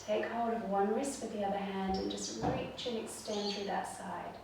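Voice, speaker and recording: A woman yoga instructor calmly guiding a seated chair yoga routine, cueing breath and movement step by step. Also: mid-range voice, normal speed, gravelly, background noise. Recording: very echoey room, mic far off.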